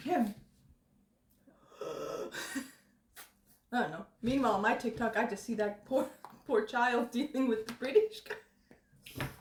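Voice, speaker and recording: A woman hosting a casual live stream from a kitchen, an animated, giggly storyteller. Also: on the high side, a little hiss or hum. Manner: giggly, animated storyteller who acts out others' lines. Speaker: streamer host. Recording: echoey room, away from the mic.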